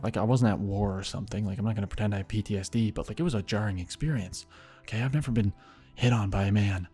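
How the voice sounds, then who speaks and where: A young man tells a rambling personal story in a low, slightly husky voice. He swears freely and drops into muttered asides. Soft music sits faintly behind him. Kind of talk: casual storytelling.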